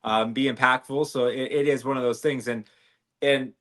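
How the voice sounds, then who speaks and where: Speaking at a moderate pace, this man has a steady, mid-range, slightly bright voice. He co-hosts a podcast in loose conversation full of fillers, restarts, and rambling.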